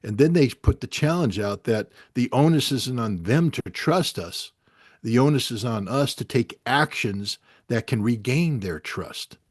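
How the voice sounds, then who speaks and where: A man's voice: medium pitch, expressive, measured pace, dry recording. Emphatic, frustrated man, dry sound. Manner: frustrated, emphatic, restarts often. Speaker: guest commentator. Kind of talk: impassioned talk show discussion.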